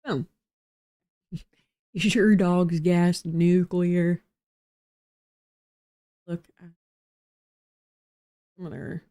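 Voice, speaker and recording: A woman's voice: on the low side, steady tone, very slow, long pauses, dark tone, no room sound, clean studio sound. A young woman chatting casually and half to herself, giggling now and then. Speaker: girlfriend reviewing brand videos. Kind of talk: casual chat.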